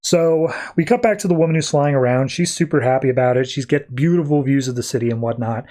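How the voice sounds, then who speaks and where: A man's voice: mid-range voice, warm tone. A man hosting a podcast, casually retelling a comic-book issue in a loose, chatty way with plenty of fillers. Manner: loose storytelling full of "like" and quick restarts. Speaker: podcast host.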